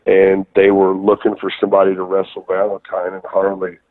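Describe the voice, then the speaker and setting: A man calls in as a guest and tells long stories, full of fillers and swearing. His voice is on the low side. The sound is dry and squeezed into a narrow, phone-like band. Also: monotone, brisk, dry recording. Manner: rambling, profane, many fillers. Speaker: guest wrestler. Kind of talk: casual storytelling interview. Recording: tinny phone line.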